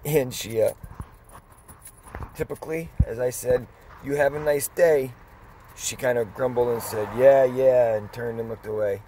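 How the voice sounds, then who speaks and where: A middle-aged man telling a story in a casual, rambling way, pausing and restarting as he goes. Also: mid-range voice, steady tone, mellow, a little hiss or hum. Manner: rambling, conversational, with pauses and restarts. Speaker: dog vlogger.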